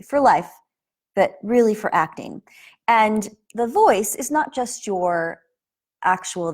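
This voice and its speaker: A woman acting teacher giving a casual spoken lesson to camera, earnest and explanatory, often restarting her sentences. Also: medium pitch.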